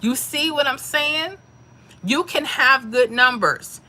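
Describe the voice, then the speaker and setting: A woman's voice: sits high, slow, bright, forceful tone. A woman hosting a lottery livestream, chatting casually with viewers and calling them mama and honey. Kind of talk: casual livestream chat reading comments.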